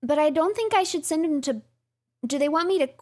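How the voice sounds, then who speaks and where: A woman streamer giving excitable commentary, talking to herself and her chat while playing a game. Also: sits high, a little fast.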